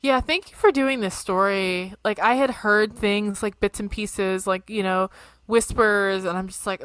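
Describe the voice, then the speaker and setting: A woman from Ohio chats casually as a podcast co-host, lively and expressive. She laughs often and swears without a second thought. Her voice sits dry and close, with hardly any room sound. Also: medium pitch, unhurried, smooth, no echo. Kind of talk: casual chat.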